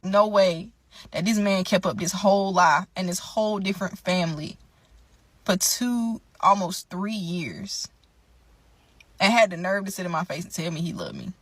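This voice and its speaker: This young adult woman tells an emotional story in a monologue, fired up and indignant, frequently turning to her listeners with "y'all." She has a fairly low voice and talks at a normal speed, with no echo in the recording.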